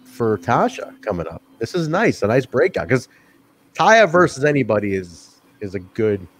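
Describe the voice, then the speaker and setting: A male podcast co-host chatting casually about a show. His pitch swings widely as he talks, and he swears freely and laughs often. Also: moderate pace, a little hiss or hum. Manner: profane, animated, laughs often. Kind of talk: casual review chat.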